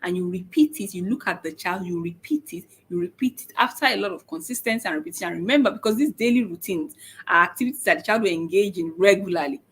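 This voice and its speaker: A woman's voice: on the low side, slightly rough. Patient woman teaching parents. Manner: patient, repeats points, frequent "okay?" check-ins; halting, with many "um" pauses. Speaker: speech and autism educator. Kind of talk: informal teaching talk to parents.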